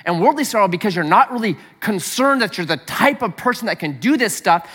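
A man's voice: high voice, animated, a little fast, a bit bright, husky. A man preaching a sermon as pastor, telling a family story with acted-out voices and humor. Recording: echoey hall.

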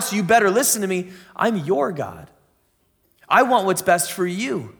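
A man with a fairly high voice preaches a sermon, moving between casual explanation and reading scripture aloud. His delivery is animated. The voice rings with the long reverb of a large hall. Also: measured pace. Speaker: pastor.

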